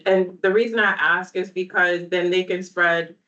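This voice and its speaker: A woman leads a town committee meeting, asking follow-up questions in an orderly way. Her voice sits a little low and the recording sounds dull and muffled. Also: fairly even intonation, normal speed, bright, forceful tone. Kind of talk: meeting discussion. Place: meeting room.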